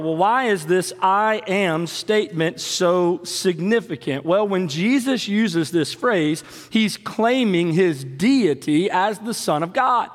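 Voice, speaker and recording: A man preaching a sermon as pastor, emphatic, with dramatic swings in pitch and slow stressed phrases. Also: animated. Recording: long hall reverb.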